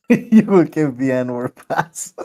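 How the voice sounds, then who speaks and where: Male guest, relaxed and teasing, slow mellow delivery. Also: mid-range voice. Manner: laid-back, teasing, laughs a lot. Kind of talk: casual chat.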